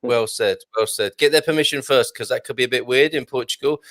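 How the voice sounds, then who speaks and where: A man hosts a live show, chatting and reading viewer comments aloud in a halting way with plenty of restarts. His mid-range voice is a bit bright, and the recording is dry.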